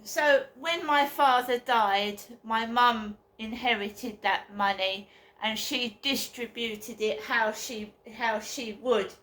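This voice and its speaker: A woman's voice: fairly high pitch, slow, fairly bright tone, reverberant. A woman venting bitterly and emotionally in a personal vlog monologue. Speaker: vlogger.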